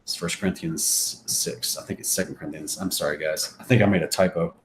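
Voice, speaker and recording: A man's voice: low-pitched, fairly even intonation, a little fast, reverberant, a little hiss or hum. A man hosting a Bible study, reading scripture aloud and adding chatty, jokey asides. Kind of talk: casual scripture reading and commentary.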